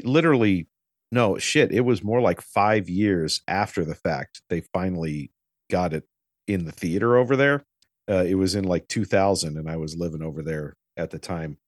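A man's voice: sits low, no echo, studio quality. A man in his forties co-hosting a casual movie recap chat, telling stories and swearing freely. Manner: animated storyteller, swears freely. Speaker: podcast co-host.

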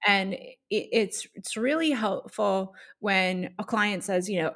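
A woman coach co-hosting a podcast, explaining her craft in a casual, animated way with frequent laughs and everyday examples. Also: medium pitch, slow pace. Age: adult.

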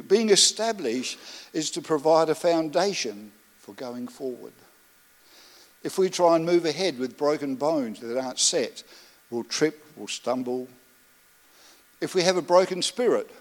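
A middle-aged man preaching a sermon as pastor, building rhythmic lists and telling stories in a gentle, reflective way. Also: a little high. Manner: storytelling, rhythmic lists, soft reflective asides.

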